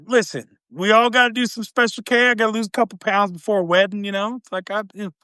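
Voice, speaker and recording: A man's voice: high voice, steady tone, fast, bright, forceful tone, clean tone, dry recording. A man hosting a podcast, joking and rambling in casual chat, full of "you know" asides. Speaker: podcast host.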